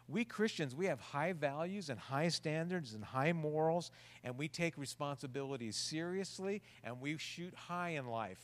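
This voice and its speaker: A man's voice: a little high, big-room sound. A male pastor preaching a sermon in an earnest, conversational way, often asking rhetorical questions.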